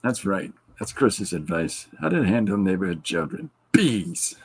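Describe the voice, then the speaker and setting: A middle-aged man with a low, slightly husky voice hosts a casual podcast, reading out viewer comments. He jokes freely and laughs along with his own retellings. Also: very animated, measured pace. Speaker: podcast host.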